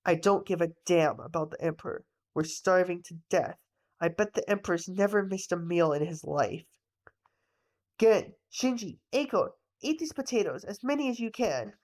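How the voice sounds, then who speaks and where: A woman's voice: fairly low pitch, lively intonation, moderate pace, a little mellow, voice pushed down, close to an everyday voice. A woman voicing a hot-tempered, starving father with a bitter, defiant manner, in a bedtime-story audiobook reading.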